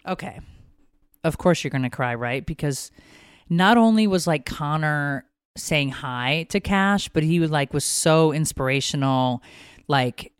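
A woman in her thirties tells a story on a podcast, emotional and animated, with plenty of swearing. Her voice is smooth and resonant. The studio sound is close and dry. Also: sits low, a little slow, no echo. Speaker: podcast co-host. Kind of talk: casual storytelling.

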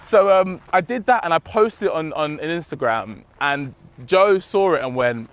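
Fairly quick and with few pauses, a man with a high-leaning voice shares stories as a podcast guest, bringing his quoted characters to life by doing their voices in an easygoing, animated chat.

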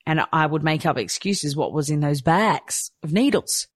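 A woman's voice: deep voice, moderate pace, no room sound, studio quality. A woman, candidly telling a personal story and acting out her own thoughts. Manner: animated, acts out her own quoted thoughts. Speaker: storyteller sharing a personal experience.

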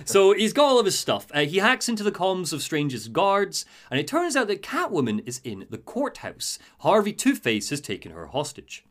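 A lively storyteller whose pitch swoops up and down as he walks his friends through a game's plot. He keeps it loose and jokey, the way a man talks among friends. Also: moderate pace, few pauses. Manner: animated, jokey, swears. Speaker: podcast host recapping a game story. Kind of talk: casual chat, storytelling recap.

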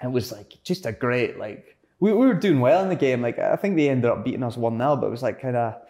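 A young Scottish man chatting in an interview, his voice sitting at an ordinary middle pitch. He tells his stories in a loose, rambling way, full of fillers and quick self-corrections. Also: animated, mellow. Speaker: interview guest, footballer. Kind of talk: casual storytelling chat.

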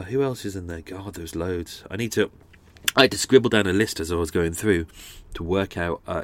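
A man's voice: low voice, a bit bright, dry recording. A man hosting a true crime podcast, rambling casually with many fillers and restarts. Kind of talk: casual chatty outro.

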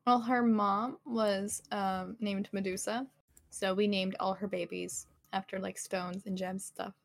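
A woman in casual livestream chat, with a voice pitched in the ordinary middle range. She is playful and giggly and keeps tripping into little restarts as she talks. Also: flat delivery, a little slow, creaky. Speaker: livestream podcast co-host.

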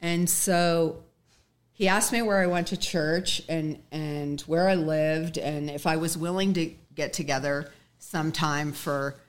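A woman's voice: sits low, steady tone, unhurried. A woman guest telling a personal story in earnest, acting out the dialogue she quotes.

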